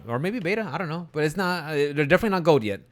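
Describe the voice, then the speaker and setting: Easygoing mid-pitched gaming podcast co-host. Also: male voice, lively intonation, racing. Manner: easygoing, agreeable, fillers and restarts. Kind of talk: casual gaming podcast chat.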